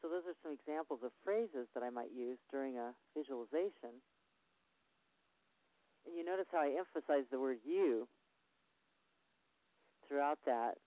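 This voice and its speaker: A man's voice: medium pitch, dry recording. Man explaining on a tinny line. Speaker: sport psychology consultant. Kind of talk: instructional talk. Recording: tinny phone-like audio.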